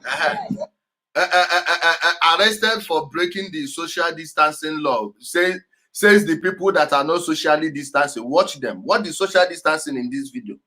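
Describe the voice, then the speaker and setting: On the high side, pushed and bright, this man speaks at normal speed. He hosts a show and comments on clips in an animated way, emphatic, repeating key words and frequently laughing.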